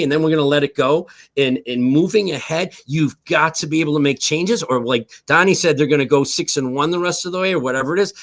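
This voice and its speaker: A man's voice: a little high, fairly bright tone. A man on a sports talk show, a former player, arguing emphatically, repeating key words and swearing for emphasis.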